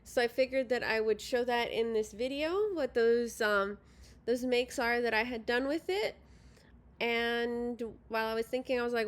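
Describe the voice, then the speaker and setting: A woman talking loosely about her handmade crafts, her voice pitched a little high. She rambles, stops on frequent ums and corrects herself as she goes, sounding sleepy from yawning. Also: unhurried. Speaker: crafting vlogger. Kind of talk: casual show-and-tell. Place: at home by a sofa.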